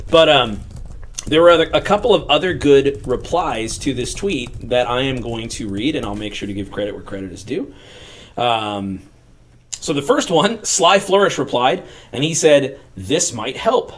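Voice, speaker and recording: A man's voice: mid-range voice, animated, normal speed. A man co-hosting a tabletop game livestream, chatting casually in a talkative, upbeat way. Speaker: co-host of a tabletop game channel.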